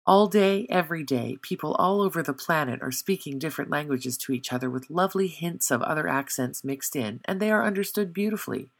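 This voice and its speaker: A language tutor reads a scripted pronunciation lesson, the voice carrying a noticeable gravelly fry at a middle pitch. The delivery is measured and clear, easing down to a slow pace whenever a sound is demonstrated. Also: animated.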